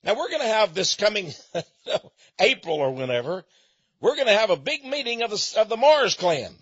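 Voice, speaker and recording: High, lively-voiced man with a husky edge. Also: brisk, dry recording, highs cut off. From Texas, USA. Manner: chatty storyteller, chuckling asides. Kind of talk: folksy monologue.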